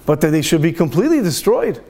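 A man with a high voice gives a Torah talk in the manner of a rabbi. He tells a story with lively turns, slipping into the speakers' lines as he goes. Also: fast. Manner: lively storyteller acting out dialogue.

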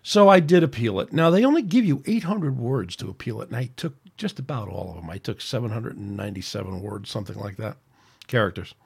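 A man's voice: mid-range voice, expressive, a little fast, vocal fry, darkish tone, husky. A man hosting his own podcast, venting angrily in a rambling, off-the-cuff rant with frequent restarts. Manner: angry, ranting, rambling with restarts. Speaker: podcast host.

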